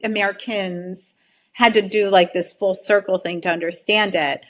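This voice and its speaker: A woman's voice: mid-range voice, fairly even intonation, normal speed, a bit bright. A woman hosting a casual chat, talking in a chatty way full of fillers. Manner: chatty, lots of "like" and "you know". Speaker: host.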